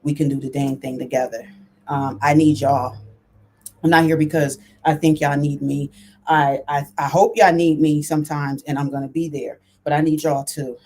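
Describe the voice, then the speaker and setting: A woman's voice: low-pitched, fairly even intonation, normal speed, dark tone, slight background noise. Chatty woman livestreaming to her viewers. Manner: chatty, addresses viewers directly, frequent fillers. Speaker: livestream host. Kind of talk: casual livestream talk to viewers. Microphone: computer mic.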